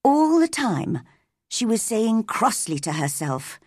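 A woman reads a story aloud at a very slow, deliberate pace for English learners. Her voice rises and falls in a lively way. The recording is close and dry. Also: on the high side, dry recording. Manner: clear, deliberate. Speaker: narrator.

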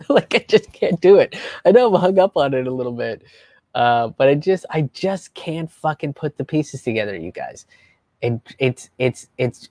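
A young man hosting a live stream as a comedian, talking in a casual, animated, profane way and slipping into mocking voices. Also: mid-range voice, no echo. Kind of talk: casual livestream commentary.

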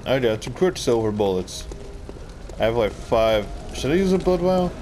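A man giving excitable gameplay commentary, yelping and laughing at what happens on screen. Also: mid-range voice, moderate pace, faint music behind. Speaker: gaming video creator.

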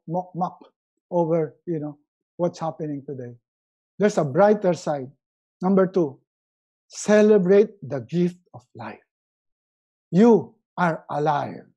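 Middle-aged man, motivational speaker, animated, jumps high for quotes, mellow tone. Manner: animated, acts out quotes in a raised voice. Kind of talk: motivational webinar talk.

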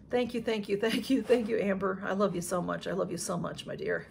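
Lady vlogging, all gushy and thankful, bit of a gravelly fry, faint hum behind. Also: medium pitch, moderate pace, a little mellow. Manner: gushing and emotional, thanking repeatedly. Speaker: YouTube vlogger. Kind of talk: casual unboxing chat to camera.

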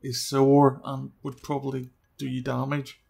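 A man giving casual gameplay commentary, chatty and often dropping to quiet muttering as he sneaks around. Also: mid-range voice, completely flat delivery, a little slow, gravelly, breathy edge. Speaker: let's play gamer.

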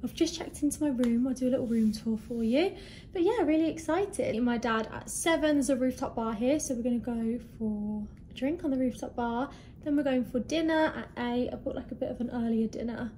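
A woman's voice: on the high side, brisk, slight background noise. Bubbly young woman vlogging a hotel room. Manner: chatty, bubbly, easily excited. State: slightly out of breath. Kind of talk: casual travel vlog. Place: hotel room in hot weather.

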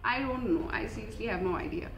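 A woman's voice: on the high side, fast, echoey room, slight background noise. A young woman with an Indian accent, chatting casually in a beauty unboxing vlog, mixing English and Hindi. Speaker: beauty vlogger.

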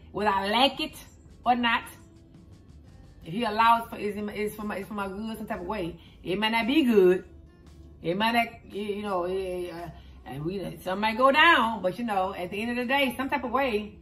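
A rambling, chatty woman in middle age talks casually to her viewers, calling them y'all and child. Her voice is bright and forceful and a touch high. She sits some distance from the mic, with soft music faintly behind her. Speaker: mukbang host. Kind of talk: casual chat to viewers while eating.

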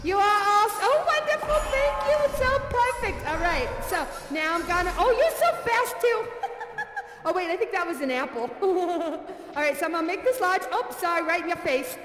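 Brief: breathless, effusive female dancer host of a variety show; high-pitched, with a reverb-heavy room behind her. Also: expressive, moderate pace, fairly bright tone. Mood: playing along. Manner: gushing, breathless, giggly. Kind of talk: live virtual reality theater performance. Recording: echoey hall with faint music.

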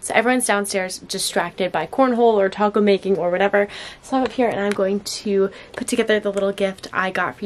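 A young woman filming a casual vlog to camera, bubbly and gushing as she talks about her sister. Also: on the high side. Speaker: vlogger, sister of the bride-to-be.

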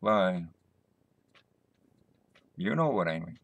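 A man's voice: sits low, animated, slow pace, rough recording. A man rambling casually into his camera for a vlog, goofy and joking, laughing at himself. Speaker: vlogger.

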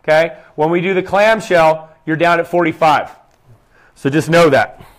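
Counting reps out loud, a young man coaching a guided workout gives brief, cheerful cues in a slightly high voice at a normal pace. He talks softly to avoid shouting into the mic.

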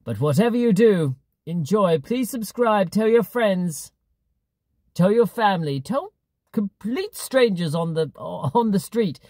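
A man in a car putting on a higher-pitched, theatrical English accent as a cheery, posh English gentleman. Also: dry recording, studio quality, exaggerated voice. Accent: put-on English. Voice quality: raised pitch, louder and more theatrical than his own voice.

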